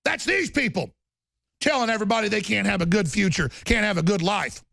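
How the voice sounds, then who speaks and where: Ranting gravelly man, high-pitched. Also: a little fast, no room sound. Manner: ranting, often shouting, repetitive lists. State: angry. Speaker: political talk show host. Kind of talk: angry political monologue.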